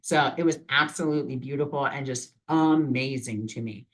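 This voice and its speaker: A man's voice: mid-range voice, normal speed, a bit bright, low-quality recording. A man vlogging casually and encouragingly about imagination, rambling with many fillers. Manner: rambling, full of "you know" fillers; earnest and encouraging. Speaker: vlogger and spiritual reader. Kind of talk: casual motivational talk.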